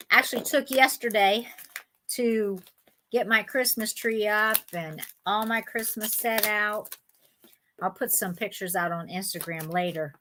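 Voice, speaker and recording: Hosting a vintage sale live stream, a Southern US woman keeps the chat casual and folksy, laughing frequently. Her voice sits mid-range, and background noise is audible.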